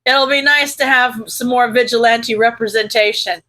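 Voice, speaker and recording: A woman's voice: on the high side, steady tone, normal speed, sharp tone. A woman doing a laid-back male pro hero. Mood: casual.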